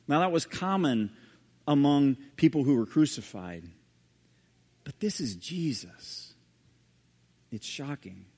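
A male pastor preaching a sermon and reading scripture aloud, dramatic, with sudden hushed low drops on key words. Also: lively intonation, slow pace, long pauses, slightly rough. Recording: long hall reverb.

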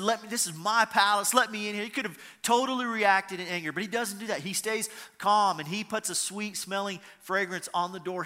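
A man's voice: a little high, pushed and bright, big-room sound. A middle-aged male pastor preaching a sermon in an earnest way, repeating his key lines for emphasis.

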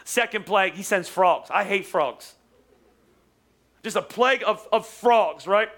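A man's voice: high voice, a little slow, a bit bright. A man, a pastor, preaching a sermon in a conversational storytelling way, with jokes and asides to the congregation.

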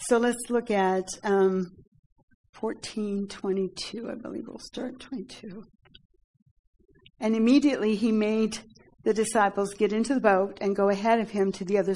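A woman teaching a Bible study, reading verses aloud and explaining them in an earnest, halting way with many fillers and "Amen?" prompts. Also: mid-range voice, a little mellow, low-quality recording.

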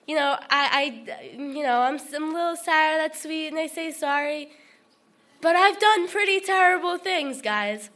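Bright, high-voiced woman rambling earnestly. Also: normal speed. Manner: rambling, full of "like" and restarts; earnest and emotional. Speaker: testimony speaker. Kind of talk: personal testimony at a group sharing.

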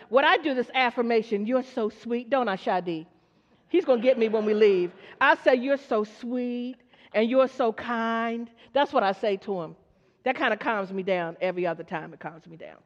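Woman preacher, high voice, dull lo-fi sound, long echo off the church walls. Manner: call-and-response, asks the congregation questions; acts out story characters in quoted voices. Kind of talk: sermon to a church congregation. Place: church hall. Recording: dull lo-fi recording with long hall reverb.

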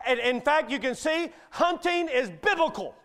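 A man's voice: very high voice, lively intonation, normal speed, fairly bright tone. A middle-aged male guest preacher delivering a sermon in a folksy, joking manner.

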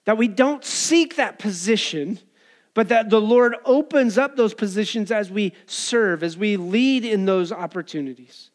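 A man's voice: high voice, unhurried. A pastor preaching a conversational sermon to his church, acting out voices from the story. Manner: conversational preaching, acts out crowd and beggar voices.

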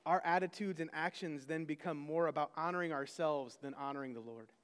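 A man's voice: fairly high pitch, brisk, clear, resonant tone, big-room sound. A man, a pastor, preaching a sermon conversationally, with self-deprecating asides to the congregation.

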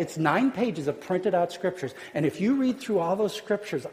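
A man preaching a sermon as pastor, earnest and emphatic, dropping to hushed tones at key points. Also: high-pitched. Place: church sanctuary. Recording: long hall reverb.

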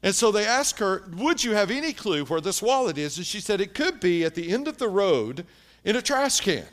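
A male pastor tells a story from the pulpit in a fairly high, very expressive voice. He swings between hushed, low passages and bright, loud punchlines. His delivery is that of a practiced storyteller in a sermon. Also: moderate pace.

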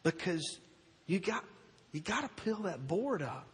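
Husky-voiced preacher in an echoing hall. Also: male voice, high-pitched. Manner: animated storytelling, slows for emphasis. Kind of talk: sermon.

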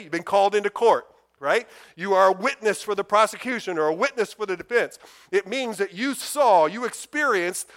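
Emphatic high-voiced male preacher. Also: a bit bright. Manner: emphatic, repeats words when building a point. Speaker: pastor. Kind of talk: sermon.

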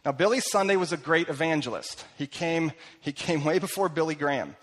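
Animated preacher man in a reverberant hall. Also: fairly high pitch, brisk. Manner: animated, acts out quoted voices, swings between loud and hushed. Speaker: pastor. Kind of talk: sermon.

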